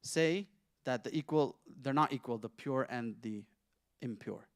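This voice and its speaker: A sheikh teaches an engaging, conversational Quran lesson in his mid-range voice, putting questions to listeners and reciting Arabic verses rapidly. The studio sound is clean and free of echo.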